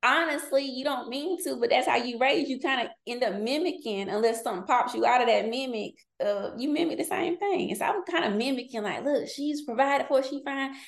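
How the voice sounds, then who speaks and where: A woman's voice: on the high side, brisk, gravelly, hardly any pauses. A woman in her forties, a podcast guest, telling personal stories candidly in casual chat and laughing often. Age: 40s. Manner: candid storytelling, laughs often, slips into quoted voices.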